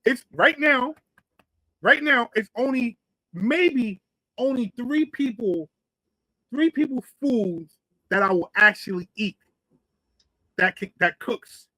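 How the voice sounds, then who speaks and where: A man's voice: very high voice, expressive, takes it slowly, long pauses, pushed and bright, no room sound, low-quality recording. A man, co-hosting a podcast and telling a long, profane, rambling story. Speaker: podcast co-host. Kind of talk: casual storytelling.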